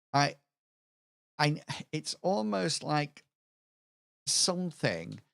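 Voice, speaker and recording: On a livestream, a man thinks aloud while building the world for a tabletop campaign, hesitating often with fillers and restarts. His voice is medium-pitched and gravelly, recorded in a clean studio with no room sound.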